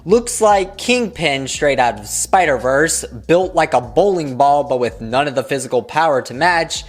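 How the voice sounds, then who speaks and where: A man's voice: on the high side, expressive, unhurried. A man giving sarcastic video commentary, mocking and blunt and swearing freely. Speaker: commentary YouTuber.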